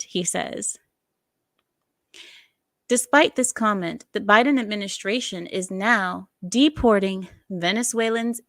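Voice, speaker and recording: A woman's voice: mid-range voice, no room sound. A woman hosting a casual news commentary chat, sarcastic and digressive, often laughing at her own asides. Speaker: online commentary host.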